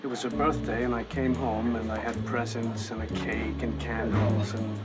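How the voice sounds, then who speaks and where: A man's voice: lowish voice, level tone, loud music behind the voice, close to an everyday voice. A man playing a stammering, awkward young suitor. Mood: rambling. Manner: halting, stammering, full of restarts. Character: awkward, rambling young man courting a woman. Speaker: film character. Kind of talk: 1970s film comedy acting.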